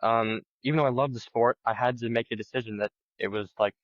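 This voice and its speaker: A teenage boy from Minnesota answering interview questions in a relaxed way, with lots of fillers like "like" and "um". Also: medium pitch, fast talker, dry recording, highs cut off. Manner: relaxed, filler-heavy, says "like" a lot. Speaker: guest.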